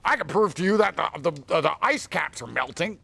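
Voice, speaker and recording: A man with a high, gravelly voice that swings widely up and down as he boasts and mocks. His tone is sneering and showy. The sound is dry and close. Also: animated, fairly quick, pushed and bright, no room sound. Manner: mocking, boastful, slips into sneering mimicry. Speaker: interview guest. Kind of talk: interview clip played in a reaction video.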